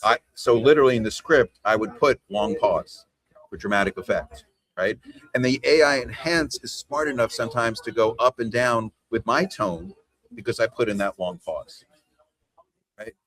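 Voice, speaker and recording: A man's voice: mid-range voice, moderate pace, a bit bright. A man coaching a team over a video call. He talks in a casual, conversational way and keeps checking in with "right?" and "you know.". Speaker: trainer leading a team call.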